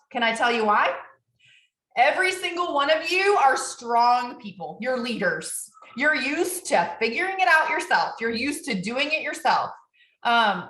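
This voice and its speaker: A woman coaching a business team in an energetic, upbeat way, often ending her points with quick tag questions. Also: fairly high pitch, echoey room.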